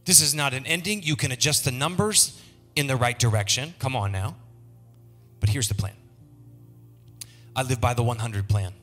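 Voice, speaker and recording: A middle-aged male pastor preaching a sermon, leading the congregation in call-and-response and swinging from low murmurs to soaring shouts. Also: normal speed, long pauses, soft background music.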